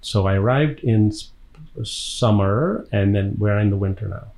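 A man from Tanzania, an actor being interviewed, telling long, lively stories with a laugh between them. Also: fairly low pitch, measured pace, rough recording. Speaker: actor guest. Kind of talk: casual interview storytelling.

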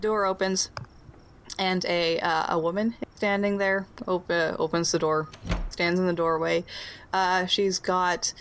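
A woman narrating a tabletop game as game master, relaxed, with many fillers and hesitations. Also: lowish voice, a little slow, slight background noise.

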